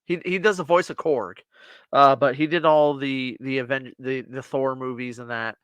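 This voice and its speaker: A man's voice: mid-range voice, steady tone, normal speed, fairly bright tone, smooth, dry recording. A man co-hosting a casual podcast, animatedly retelling and acting out scenes from a TV show. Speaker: podcast co-host. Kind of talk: casual chat.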